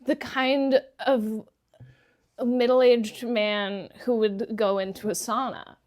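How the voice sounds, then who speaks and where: Giggly woman player, high voice, slow easy talk. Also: steady tone, a little mellow. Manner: giggly, playful. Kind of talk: casual tabletop play.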